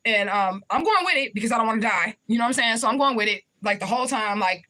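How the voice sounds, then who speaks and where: Fast-talking woman with a bright voice. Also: on the high side, expressive. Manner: conversational, keeps checking in with the listener; swears freely, repeats points for emphasis. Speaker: spiritual reader. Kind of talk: casual first-person storytelling.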